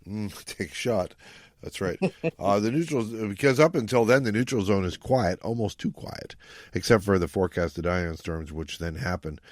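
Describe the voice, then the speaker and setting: A man's voice: fairly low pitch, lively intonation, moderate pace, no echo, clean studio sound. A man co-hosting a podcast, talking through a novel in a loose, rambling way with many fillers. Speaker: podcast co-host. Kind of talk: casual book discussion.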